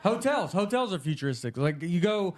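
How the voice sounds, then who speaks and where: A man, whose voice sits fairly high for a man. He tells stand-up stories in a dry, understated, bemused way. The recording is from a studio stage, with loud audience laughter behind him. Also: brisk, background noise. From Tennessee, USA. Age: 40s. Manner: deadpan, understated storytelling with bemused quoted dialogue. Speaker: comedian hosting a TV sketch show. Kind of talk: stand-up comedy monologue.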